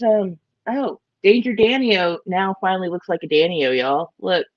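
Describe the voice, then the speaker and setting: A woman's voice: fairly low pitch, expressive, normal speed, few pauses, no echo, highs cut off. Bubbly woman streaming about fish. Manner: chatty, bubbly, greets viewers by name. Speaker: aquarium live-stream host. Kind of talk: casual live-stream chat.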